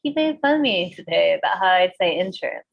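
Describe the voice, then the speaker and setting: A woman from the Bay Area co-hosting a podcast in casual chat, swearing freely as she tells animated stories. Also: lowish voice, fast, creaky, highs cut off, music in the background. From San Francisco Bay Area. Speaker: podcast co-host.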